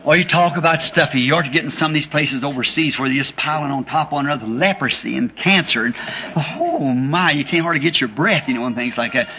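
A man's voice: fast, pushed and bright, dull audio. A man preaching a sermon, telling a vision story with rising passion. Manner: impassioned storytelling, rising in pitch when recounting screams.

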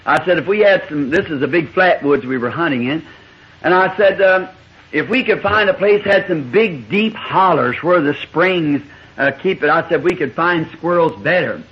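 On a muffled, lo-fi old tape, a preacher from the Southern United States spins a rambling, folksy story mid-sermon, chuckling as he goes. His voice is a little high and slightly rough, animated, at a normal speed.

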